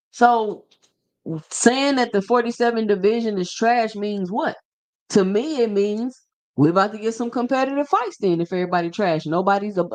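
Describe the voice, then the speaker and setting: Hosting a boxing livestream, a man with a high-sitting voice talks casually and slangily right to his chat, reading out comments from viewers.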